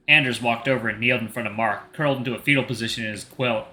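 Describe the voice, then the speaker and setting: A man's voice: mid-range voice, quick pace, few pauses, bright, forceful tone, faint music behind. A young man reading a visual novel aloud, narrating in the second person.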